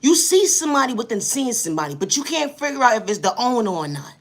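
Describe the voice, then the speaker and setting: Fast and fairly high-pitched, this New York-accented woman delivers a funny story as a lively, exasperated rant, full of slang and recurring catchphrases.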